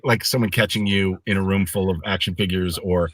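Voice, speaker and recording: A man's voice: sits low, a little fast, no echo. A middle-aged man, a guest on a casual live stream, telling anecdotes with animation and acting out the voices in them. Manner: animated storyteller who acts out the voices in his anecdotes.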